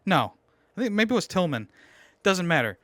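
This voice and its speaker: A man giving a casual recap of his team's football game, swearing and ranting as an animated fan. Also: high-pitched, normal speed, no echo.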